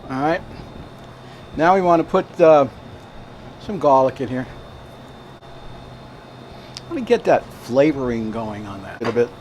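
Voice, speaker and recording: A man's voice: medium pitch, a little mellow, a little hiss or hum. Chatty man hosting a home cooking demo. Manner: chatty, rambling, frequent "all right?" check-ins. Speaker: home cooking show host. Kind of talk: casual cooking demonstration. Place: kitchen at a veterans' hall.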